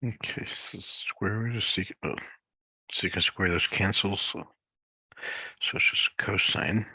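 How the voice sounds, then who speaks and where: A low, gravelly male voice with a husky edge and a bright, forceful tone, talking himself through math homework solutions in halting, muttered steps. The sound is close and dry, on a dull lo-fi screencast mic. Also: dry recording. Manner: thinking aloud, halting and muttered. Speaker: math instructor.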